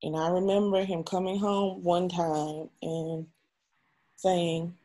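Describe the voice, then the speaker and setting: Frank young woman with a low, husky voice. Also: little pitch movement, takes it slowly, dark tone. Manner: raw, emotional and frank, with frequent swearing. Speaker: interview guest. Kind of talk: candid personal storytelling.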